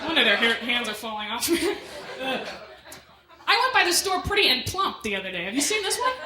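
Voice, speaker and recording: A woman working as MC and stand-up comic, doing a club set and bantering with the crowd in quick asides. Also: high voice, very animated. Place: comedy club stage with a live audience. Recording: echoey club room with loud noise.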